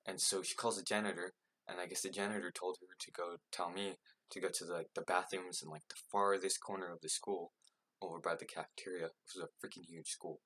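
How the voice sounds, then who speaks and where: A young man with a low, husky voice tells a story from his own life, rambling and leaning on fillers. He mocks himself along the way, and his sound stays forceful and bright despite the low pitch. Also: little pitch movement, fairly quick. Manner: rambling, filler-heavy, self-mocking. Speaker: vlogger. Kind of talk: casual storytelling.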